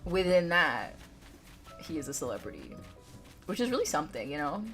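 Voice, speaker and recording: A woman's voice: low voice, very animated, moderate pace, fairly bright tone, soft background music. A woman live-streaming a game from home, chatting and giggling as she talks straight to her chat. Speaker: livestreamer.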